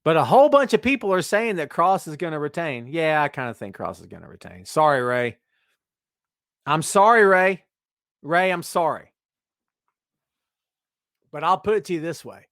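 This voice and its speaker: A middle-aged man hosts a podcast in a rambling, jokey, animated way, talking straight to his co-hosts and listeners. His voice sits a bit high for a man. The sound is dry and close, with no room around it. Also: moderate pace, pauses often, dry recording. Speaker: podcast host. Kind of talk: casual wrestling podcast chat.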